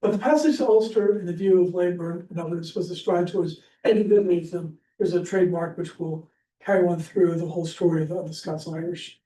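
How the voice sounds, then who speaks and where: In a dark-toned, high voice that stays steady and runs a little fast, a man from Pennsylvania teaches a loose history class at church. His delivery rambles with lots of fillers and restarts, recorded from afar in an echoing room with faint hiss.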